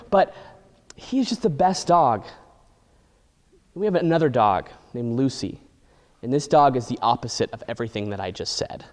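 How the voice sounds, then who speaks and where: A man telling an exaggerated comic story with animated, deadpan delivery. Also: sits high. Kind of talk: comedic storytelling. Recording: long hall reverb.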